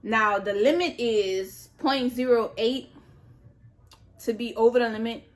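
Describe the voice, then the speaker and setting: A young adult woman vlogger telling a story in casual chat, animated, repeating herself and swearing as she goes. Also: a little high, a little slow. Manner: animated, repetitive retelling with swearing. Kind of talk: casual storytime while eating.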